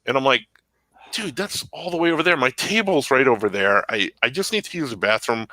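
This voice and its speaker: A man's voice: medium pitch, animated, a little fast, sharp tone, no echo, poor audio. A man co-hosting a podcast, telling a long rambling story in casual chat. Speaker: podcast co-host.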